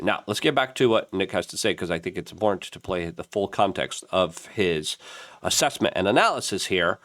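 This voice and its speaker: A man hosting a commentary show, reading an ad in a rambling, animated way with many fillers. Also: sits low, dry recording, studio quality. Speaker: host. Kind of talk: casual commentary and ad read.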